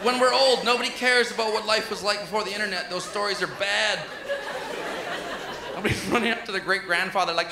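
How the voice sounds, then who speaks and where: A man in his thirties doing an animated stand-up set in a comedy club, often jumping into high-pitched voices for characters. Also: brisk, background noise. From Canada. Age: 30s. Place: comedy club stage before a live audience. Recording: roomy live club sound with loud crowd laughter.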